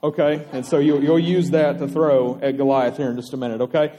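A man, teaching children on a stage as they act out a story. He is animated, stretches words for drama and laughs often. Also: a little high, brisk.

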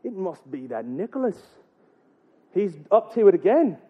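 A man voicing a puzzled son and his mother, squeaky and indignant. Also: big pitch swings, normal speed, slightly rough, heavily acted. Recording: tinny phone-like sound.

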